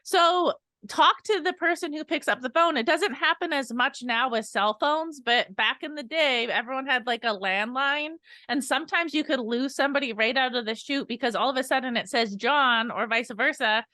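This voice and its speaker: Bright, upbeat woman coaching sales. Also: sits high, normal speed, hardly any pauses, no echo. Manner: upbeat, energetic, laughs often. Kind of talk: podcast sales coaching chat.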